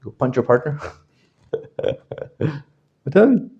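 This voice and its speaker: A man teaching a class, constantly asking his listeners questions and checking that they understand, his voice jumping from loud to quiet. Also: a little high, takes it slowly, dull audio. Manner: animated, swings from loud to quiet. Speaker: religious teacher. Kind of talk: interactive lecture to a class.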